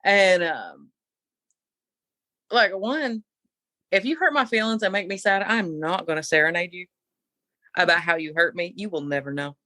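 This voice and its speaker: A middle-aged woman co-hosting a podcast, telling a story in an animated, opinionated casual chat. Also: lowish voice, normal speed, long pauses, no echo. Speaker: podcast co-host.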